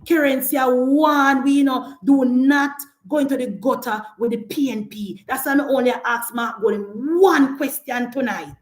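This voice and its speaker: A woman's voice: high voice, normal speed, hardly any pauses, echoey room. A woman with a Jamaican accent delivering an impassioned political rant as a commentator, scolding and emphatic, hammering the same attacks again and again.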